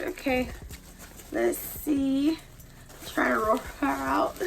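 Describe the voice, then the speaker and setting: A young woman vlogging an unboxing in a casual, gushing way, full of excited exclamations. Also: high voice, slow pace, gravelly, poor audio. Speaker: doll collector vlogger.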